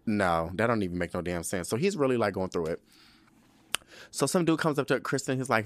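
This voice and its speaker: A man's voice: fairly low pitch, brisk, no echo. Sassy, profane young man recapping a show. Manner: sassy, profane, animated retelling with voiced asides. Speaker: podcast host recapping a TV episode. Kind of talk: casual recap monologue.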